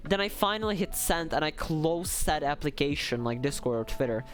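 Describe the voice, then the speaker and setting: A man's voice: fairly high pitch, lively intonation, normal speed. Rambling young male streamer, faint music. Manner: rambling and self-deprecating, many fillers. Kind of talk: casual livestream chat.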